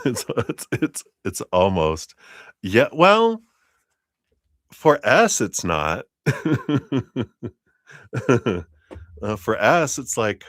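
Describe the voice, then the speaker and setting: A man's voice: medium pitch, very animated, drawn-out words, pauses often, dry recording, studio quality. A man giving a live-streamed tarot reading, telling it as a rambling story full of fillers and laughter. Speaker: tarot reader.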